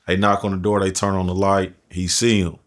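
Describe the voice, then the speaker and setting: A man's voice: sits low, level tone, a little fast. A man telling a prison story in casual, profane street talk as a podcast guest. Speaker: podcast guest, formerly incarcerated.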